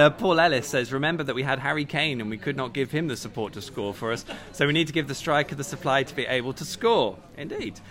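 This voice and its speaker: Male show host, live from a pub, brisk and jokey, reads listener questions aloud. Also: mid-range voice, animated, fairly bright tone. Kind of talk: live fan show chat, reading out viewer questions.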